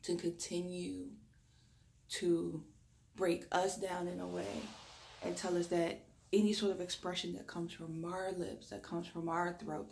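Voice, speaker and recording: A woman with a Southern drawl, a deep raspy voice and a lisp, giving a spoken reflection as a reiki practitioner. She tends to talk fast when excited but deliberately slows herself down. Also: slight background noise.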